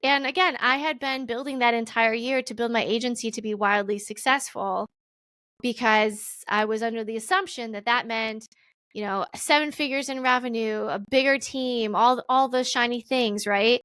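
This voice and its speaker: A woman in her thirties telling her own business story as a podcast guest, acting out past conversations in a lively voice. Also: moderate pace, clear, resonant tone, no echo. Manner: animated, acts out her own past dialogue with big pitch jumps. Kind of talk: casual storytelling interview.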